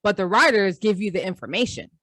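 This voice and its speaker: A woman co-hosting a sports podcast in casual, animated chat, slangy and quick to laugh. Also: medium pitch, no echo. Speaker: podcast co-host.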